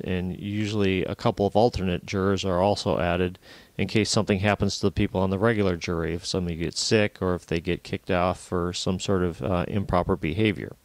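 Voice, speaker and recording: Man, lowish voice, university lecture, plain explanatory delivery, dry close recording. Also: fairly even intonation, fairly quick, no echo. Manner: plain explanatory, with frequent fillers.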